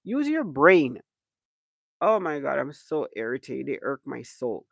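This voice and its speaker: Exasperated male streamer with a gravelly voice. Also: mid-range voice, wildly swooping pitch, unhurried, fairly bright tone, no room sound. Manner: exasperated, emphatic, repeats himself for effect. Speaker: livestream host. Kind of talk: casual livestream rant.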